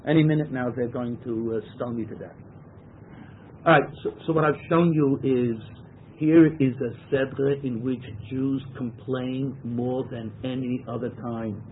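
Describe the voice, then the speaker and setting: A man teaches a Torah class as a text-study lecture, translating verses phrase by phrase and stressing key words. His medium-pitched voice is fairly even and measured, and the recording is tinny and phone-like with slight background noise.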